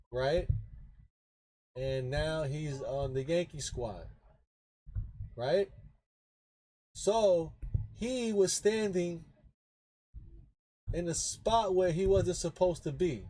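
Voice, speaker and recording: A man with a high-pitched voice talks baseball in a loose, rambling way, checking in with "right?" after nearly every point. He speaks slowly and repeats himself for emphasis. The sound is dry and close, with no room around it. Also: mellow, no echo, rough recording. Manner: rambling, explains with frequent "right?" tag questions. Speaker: baseball podcast host. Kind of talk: casual sports talk.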